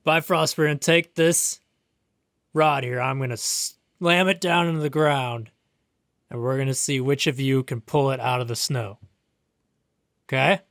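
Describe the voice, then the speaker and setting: A man's voice: medium pitch, fairly even intonation, measured pace, gravelly, pauses often, fairly bright tone, no room sound, clean studio sound. A man playing a tabletop game, speaking in an eager, laughing way. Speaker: player.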